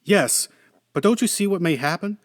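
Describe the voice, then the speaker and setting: A man's voice: high voice, expressive, moderate pace, no echo, studio quality, pitched above the performer's own voice. A man reading the part of an anxious, chatty male computer engineer who talks with urgency. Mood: worried.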